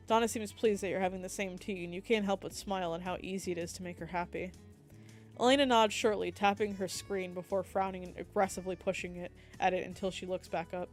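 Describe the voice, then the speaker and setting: A young woman, a streamer, reading the text of a dating game aloud with lively asides and slips. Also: on the low side, quick pace, faint music behind.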